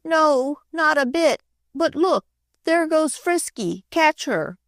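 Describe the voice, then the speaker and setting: An eager little boy with a high, bright voice, put on by a woman reading aloud. He pleads and calls out in a breathless rush. The sound is dry and close. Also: expressive, slow pace, no echo, exaggerated voice.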